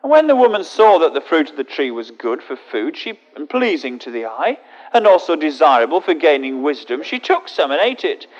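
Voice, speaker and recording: A man preaching a sermon, reading scripture aloud with relaxed, chatty asides to his listeners. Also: on the high side, fairly quick, big-room sound, muffled recording.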